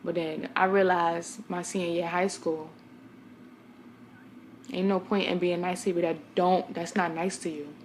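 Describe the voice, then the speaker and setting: A woman's voice: lowish voice, flat delivery, moderate pace, slight background noise. A young woman from Brooklyn, New York, talking casually to camera as a vlogger, a blunt and chatty storyteller who speaks straight to her viewers.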